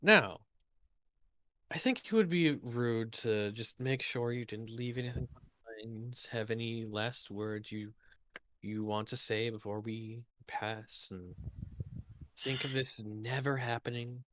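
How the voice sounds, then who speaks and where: Slow, halting game master man. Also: medium pitch, steady tone. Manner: halting, full of ums and self-corrections. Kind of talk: narrating a tabletop game.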